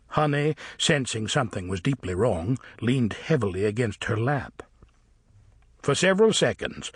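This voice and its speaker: A man narrating a novel as an audiobook reader, with expressive, varied storytelling. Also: medium pitch, slightly rough, no echo, clean studio sound. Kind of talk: scripted narration.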